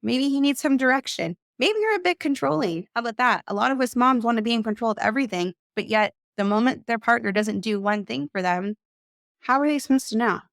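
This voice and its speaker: A woman's voice: fairly high pitch, fast, vocal fry, a bit bright, no room sound. Emphatic woman coach, dry sound. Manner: emphatic, acts out quoted voices. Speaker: coach and mother. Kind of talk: conversational advice.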